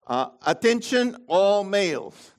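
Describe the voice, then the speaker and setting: A man preaching a sermon as pastor, swinging between loud high emphasis and low quiet asides. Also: big pitch swings, slow.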